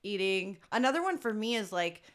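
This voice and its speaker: A woman's voice: medium pitch, big pitch swings, fairly quick, a bit bright. A young woman co-hosting a podcast, chatting casually and reacting bluntly with exaggerated dismay. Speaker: podcast co-host. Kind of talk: casual chat.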